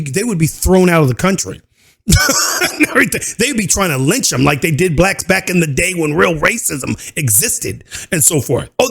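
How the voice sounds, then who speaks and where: A man's voice: high voice, fairly bright tone. A man hosting a reaction video who talks casually and animatedly, breaking into laughter and mocking asides.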